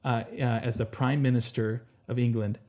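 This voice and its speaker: A young man co-hosts a casual podcast and talks with earnest, rising motivational drive, pausing often on fillers and restarts. His pitch sits in an ordinary middle range. He talks into a podcast mic while wearing earphones. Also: flat delivery, warm tone. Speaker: podcast co-host.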